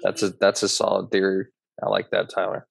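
A man's voice: low voice, monotone, brisk, gravelly, breathy edge. A man on a podcast, chatting casually and agreeably about a TV episode. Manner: agreeable, supportive.

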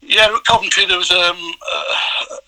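An older man, a former footballer, telling animated anecdotes in an interview, stumbling over repeated words. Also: high-pitched, moderate pace, low-quality recording. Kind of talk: storytelling interview.

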